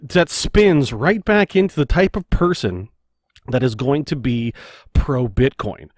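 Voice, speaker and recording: A man's voice: medium pitch, lively intonation, unhurried, dry recording. Young male co-host from Canada, curious and probing, recorded dry. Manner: probing, questioning, filler-heavy. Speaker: podcast co-host. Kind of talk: casual chat.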